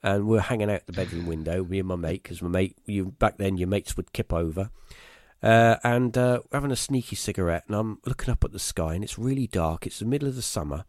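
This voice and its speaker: A man, telling a story as a podcast guest in a rambling, halting way, full of fillers and restarts. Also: low voice, a little mellow, no echo, studio quality. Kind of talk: casual storytelling.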